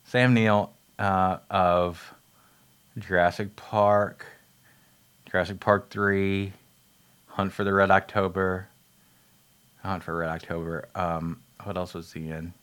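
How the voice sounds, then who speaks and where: A man with a very low voice talks loosely about a movie, stumbling through fillers and restarts. He drifts off on tangents and laughs at his own slips, with an easy, offhand swear here and there. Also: level tone, slow, pauses often, fairly bright tone, clean tone. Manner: rambling, many fillers and restarts, laughs at himself; swears casually. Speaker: film reviewer. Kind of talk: rambling casual movie talk.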